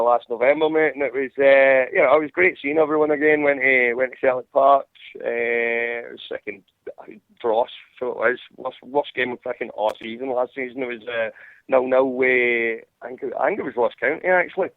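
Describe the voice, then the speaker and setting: A man's voice: medium pitch, fairly even intonation, brisk, no echo. A Scottish man chatting casually and profanely, rambling with many restarts, as a podcast host. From Scotland. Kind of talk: casual chat over a call. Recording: tinny phone-line sound.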